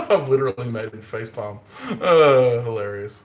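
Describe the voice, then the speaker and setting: A man's voice: mid-range voice, a bit bright. A man with an Australian accent, a bladesmith chatting casually on a live stream, joking and punning and laughing often. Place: workshop forge. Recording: roomy echoey workshop.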